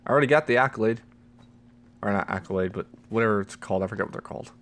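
A teenage boy hosting a let's play, chatty and muttering, with excited squeals. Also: lowish voice, racing, slight background noise. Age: teens. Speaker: gaming channel host.

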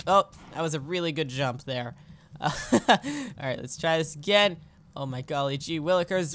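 A young adult let's play host giving goofy, excitable commentary over gameplay, often breaking into squeals. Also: medium pitch, moderate pace.

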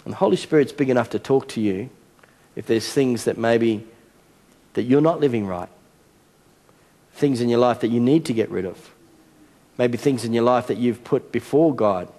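Pastor preaching in a reverberant church hall. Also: male voice, mid-range voice, moderate pace, long pauses. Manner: animated storytelling, acting out a child's game. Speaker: senior pastor. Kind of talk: sermon.

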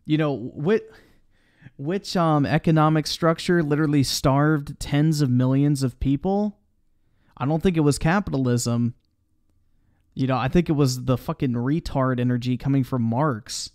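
A man's voice: mid-range voice, moderate pace, darkish tone, no echo, clean studio sound. A man commenting on a video during a live stream, mocking it sarcastically with heavy swearing and reading viewer chat aloud.

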